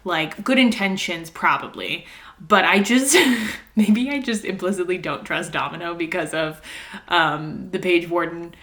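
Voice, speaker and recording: A young adult woman chatting casually in a reading vlog, excitable and rambling, laughing often as she talks at home. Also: on the low side, measured pace. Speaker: book vlogger. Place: home, indoors.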